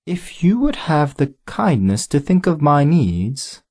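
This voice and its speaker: A man's voice: on the high side, sing-song, slow pace, dark tone, breathy edge, voice pushed up, heavily acted. A man voicing a vain, delicate female flower who talks in a sweet, affected, fussy way in an audiobook. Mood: sweetly vain. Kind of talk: audiobook character voice.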